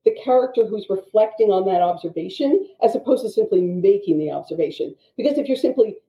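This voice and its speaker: A woman teaching writing craft, explaining in an animated way with quick asides. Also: medium pitch. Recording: dull, echoey audio.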